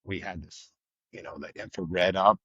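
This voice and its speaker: A man's voice: deep voice, fairly even intonation, normal speed, breathy edge, no echo, dull audio. Blunt, storytelling man with a dry sound. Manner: vivid, blunt, acts out quoted lines loudly, swears. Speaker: retired state trooper guest. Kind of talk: casual storytelling in a podcast interview.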